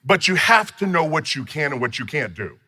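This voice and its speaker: A man's voice: a little high, very animated, brisk, bright, forceful tone, husky. A man teaching a personal finance course in an emphatic, storytelling way with playful asides. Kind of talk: motivational teaching talk.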